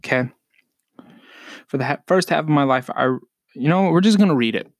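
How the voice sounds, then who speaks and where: A man's voice: on the high side, lively intonation, quick pace, no room sound, studio quality. Profane, rambling young-sounding man chatting. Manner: loose, profane, jokey, laughs at himself. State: burping between sentences. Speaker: podcast co-host. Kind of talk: casual rambling chat, reading posts aloud.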